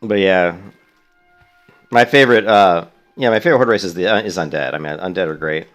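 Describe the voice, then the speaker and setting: A man's voice: low voice, fairly quick, soft background music. A man streaming a video game, chatting casually in a rambling, profane way. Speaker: let's play streamer. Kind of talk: casual gaming commentary.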